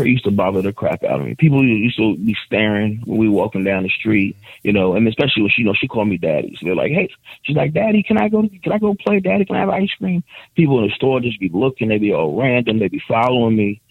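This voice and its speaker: A man chatting casually as a guest, telling stories with lively acted-out quotes of other people. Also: fairly low pitch, fast talker, breathy edge, no room sound, narrow, tinny audio. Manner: animated storyteller acting out other people's lines. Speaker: guest, adoptive father. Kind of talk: casual podcast chat.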